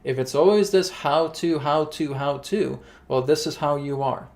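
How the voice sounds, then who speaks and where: A man hosting a spiritual gathering, explaining breathing practice in quick, conversational talk with frequent check-ins to listeners. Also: a little high, fairly even intonation, gravelly, a little mellow. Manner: quick, conversational, keeps asking "right?". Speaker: spiritual teacher and host. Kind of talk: casual spiritual teaching.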